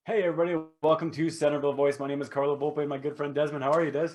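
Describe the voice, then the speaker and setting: A man's voice: fairly high pitch, level tone, rapid-fire, darkish tone, soft background music. A man co-hosting a podcast, casual upbeat chat that rambles and corrects itself midway. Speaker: podcast co-host.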